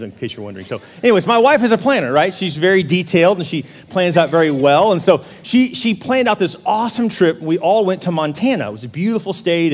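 Animated male pastor in a big echoing hall. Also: a little high. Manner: animated, humorous storytelling that asks the crowd questions. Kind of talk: sermon. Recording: long reverb of a large hall.

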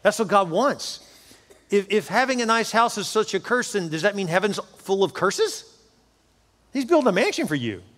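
Fervent preacher in an echoing hall. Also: male voice, high voice, very animated, moderate pace, fairly bright tone. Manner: fervent, repeats words for emphasis. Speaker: pastor. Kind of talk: sermon. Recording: long hall reverb.

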